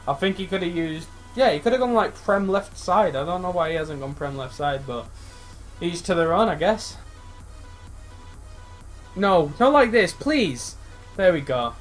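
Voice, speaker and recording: Excitable young man commentating gameplay. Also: moderate pace, soft background music. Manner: excitable, shouts and groans at players, jumps high when excited. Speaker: gaming YouTuber.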